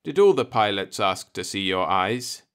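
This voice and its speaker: A man's voice: on the low side, expressive, moderate pace, fairly bright tone, smooth. A man reading the part of a curious, insistent human envoy in an audiobook, asking pressing questions. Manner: pressing, questioning, rising to alarm.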